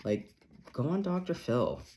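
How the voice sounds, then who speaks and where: A man's voice: medium pitch, huge pitch swings, unhurried, darkish tone, a little hiss or hum. A man giving a casual tarot reading in a sassy, chatty, profane manner. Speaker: tarot reader.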